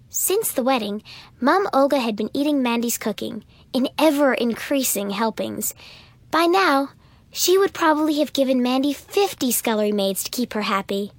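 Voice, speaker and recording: A woman reads a storybook aloud in the first person, clear and even, with a high voice. The recording is close and dry, with no room sound. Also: normal speed, no echo. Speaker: audiobook narrator.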